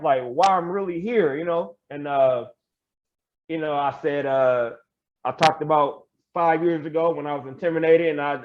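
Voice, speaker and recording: Animated wrestler telling a story. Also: male voice, fairly high pitch, lo-fi sound, slight background noise. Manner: animated, laughing, drops into quoted asides. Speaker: podcast guest, pro wrestler. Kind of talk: casual storytelling interview.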